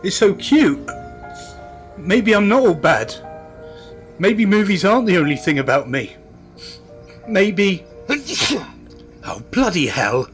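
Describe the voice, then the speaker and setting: Hammy high-voiced man. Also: big pitch swings, slow pace, long pauses, soft background music. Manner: theatrical, hammy delivery. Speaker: podcast co-host. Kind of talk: comedy sketch and banter.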